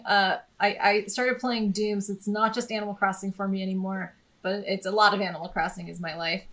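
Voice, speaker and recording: A woman's voice: mid-range voice, fairly even intonation, brisk, fairly bright tone. An American woman co-hosting a casual podcast chat, enthusiastic and rambling, often laughing as she talks. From United States. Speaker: podcast co-host.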